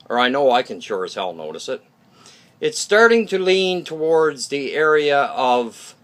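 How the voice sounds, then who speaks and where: A YouTube channel host of ordinary pitch, his voice a bit bright, delivers a loose, unscripted monologue to viewers. He's blunt and opinionated, swears now and then, rambles, restarts sentences and keeps checking in with "okay?"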